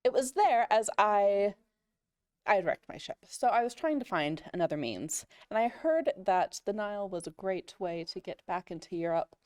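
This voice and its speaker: A woman's voice: mid-range voice, animated, moderate pace, darkish tone, no room sound. Woman telling a playful improvised tale. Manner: playful, rambling with fillers. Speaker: player. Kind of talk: improvised in-character storytelling.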